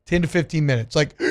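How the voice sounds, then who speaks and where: A talk radio host, a fairly high voice for a man. He banters casually with his co-hosts and leans into over-the-top pitchman delivery when reading sponsor spots. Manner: animated, hammy pitchman on ad reads. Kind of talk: casual sports radio chat with live ad reads.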